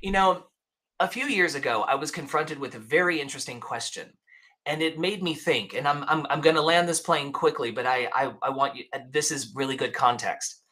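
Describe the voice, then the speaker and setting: A man's voice: on the high side, a little fast, pushed and bright. A man talking as a guest in a casual interview, emphatic and storytelling, often restarting his sentences. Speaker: podcast guest.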